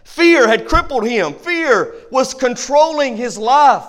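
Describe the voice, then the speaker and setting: A man pastor preaching in a church sanctuary with a high-pitched voice. He builds emphatic, repetitive cadences and rhyming phrases. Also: animated, unhurried, fairly bright tone. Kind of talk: sermon. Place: church sanctuary, also streamed online.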